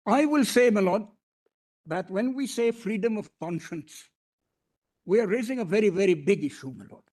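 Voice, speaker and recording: Addressing the judges as "my lord," a man with an Indian English accent argues formally before a court bench, deferential yet emphatic, often restarting his phrases. His high voice is expressive and a little mellow, moving at a normal speed.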